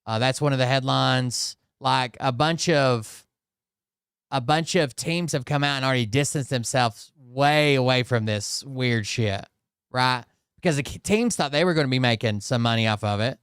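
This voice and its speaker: A man's voice: mid-range voice, moderate pace, fairly bright tone, clear, resonant tone, no echo, studio quality. A man hosting a commentary channel, reacting to clips in a casual, skeptical way with frequent restarts and mocking asides.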